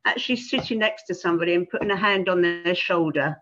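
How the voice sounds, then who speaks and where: An older woman talks in a gentle, halting way, stopping often to restart her sentences. Her voice comes through a dull, muffled call line with little clarity. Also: fairly low pitch. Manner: gentle, hesitant, many ums and restarts. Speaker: guest, retired pastoral carer. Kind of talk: casual conversation.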